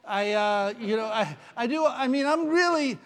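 A man's voice: sits high, normal speed, close to an everyday voice. A man voicing an anxious man who pleads and lists his good deeds to get into heaven. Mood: pleading. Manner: boastful then desperate, pleading.

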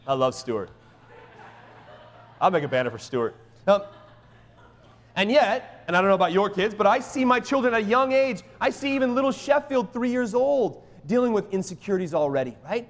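Animated preacher man in a reverberant hall. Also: high voice, moderate pace. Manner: animated, emphatic, keeps asking "right?". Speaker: pastor. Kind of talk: sermon.

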